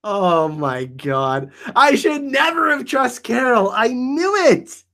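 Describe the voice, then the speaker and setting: A man hosting a casual live Q&A stream, reading the chat; excitable, laughing often and saying "like" a lot. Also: very high voice, slow, vocal fry. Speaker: livestream host answering chat.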